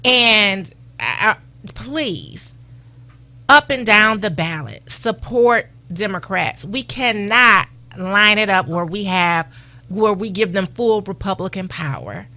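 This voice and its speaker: A woman's voice: medium pitch, animated, slow pace, bright, forceful tone. A woman guest, an elected official, making an earnest appeal to listeners to vote. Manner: earnest, urging, repetitive calls to vote. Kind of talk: political appeal on talk show.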